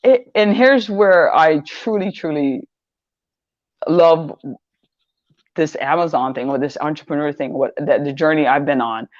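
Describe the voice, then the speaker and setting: A woman's voice: low-pitched, a little slow, dry recording, highs cut off. Older woman rambling through a story. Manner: rambling, repeats words, animated when quoting others. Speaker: interview guest, online seller. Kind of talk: casual interview storytelling.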